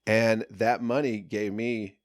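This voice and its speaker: Deep-voiced man telling a rough story. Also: takes it slowly, no echo, clean studio sound. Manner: profane, animated storytelling, shouts when reliving moments. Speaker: podcast guest. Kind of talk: casual storytelling.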